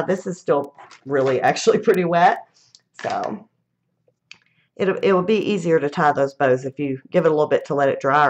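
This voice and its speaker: A chatty middle-aged woman with a somewhat low voice talks through a live craft demo. She thinks aloud as she works and laughs off her own slips. Her tone stays friendly and unhurried. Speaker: craft demonstrator.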